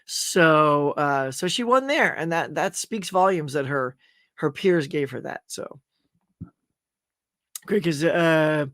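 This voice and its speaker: High-voiced chatty male host. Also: expressive, slow, pauses often, a bit bright, no room sound, studio quality. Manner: chatty, rambling with many fillers and restarts. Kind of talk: casual livestream chat reading viewer comments.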